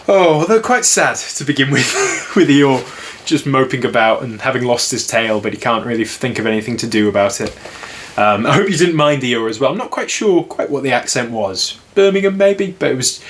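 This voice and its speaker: A man calmly reading a children's storybook aloud and then chatting about it in a soft, unhurried, friendly way. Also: mid-range voice, slight background noise. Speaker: storybook reader.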